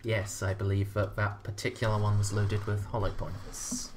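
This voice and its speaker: A man running a tabletop horror game as game master, narrating slowly and hesitantly with many ums. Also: fairly low pitch, level tone, a crowd in the background. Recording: noisy with keyboard clicks.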